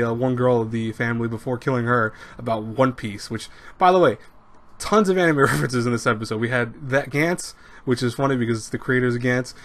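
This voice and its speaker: Fast-talking young man reviewing anime. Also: medium pitch. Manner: rambling, animated, many restarts and fillers. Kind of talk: casual video review.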